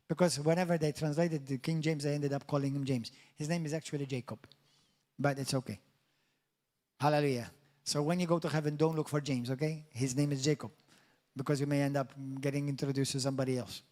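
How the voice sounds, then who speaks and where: A man's voice: on the high side, darkish tone. A man preaching a sermon as pastor, in an emphatic, declamatory style that builds to exclamations. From Malta.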